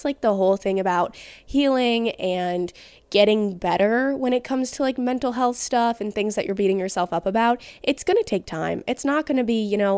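A woman's voice: mid-range voice, a little mellow, no room sound. A young woman hosting a casual solo podcast, talking candidly with lots of "like" fillers. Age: young adult. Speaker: podcast host.

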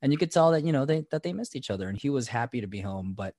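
A man co-hosting a casual podcast, animated and laughing often, cursing freely as he chats. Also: medium pitch, rapid-fire, no room sound, clean studio sound. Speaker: podcast co-host.

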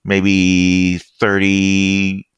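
A man narrating as game master of a tabletop game, easygoing and halting, with many fillers. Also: completely flat delivery, smooth, no room sound. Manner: easygoing, halting with fillers, brief squeaky voices for side characters.

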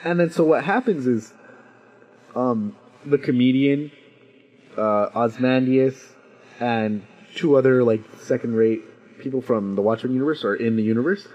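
A young man in casual chat, retelling a story with excitement and acting out the characters. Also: mid-range voice, normal speed. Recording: dull lo-fi recording.

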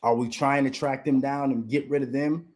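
A man's voice: medium pitch, fairly even intonation, moderate pace, darkish tone. A man hosting a podcast, delivering a heated commentary rant full of rhetorical questions and repeating his rival's name for emphasis. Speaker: podcast host.

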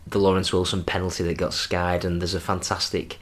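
A man with a very deep voice chats on a relaxed football podcast. He tells loose, rambling anecdotes and laughs along as he goes. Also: fairly quick. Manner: rambling storyteller, laughs at his own tales. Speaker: podcast co-host. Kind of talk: casual football podcast chat.

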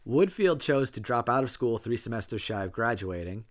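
A man co-hosting a podcast reads case details in a dry, matter-of-fact way. His voice sits at a middle pitch and stays even. The talk around his reading is casual. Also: normal speed. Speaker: podcast co-host and narrator of the case.

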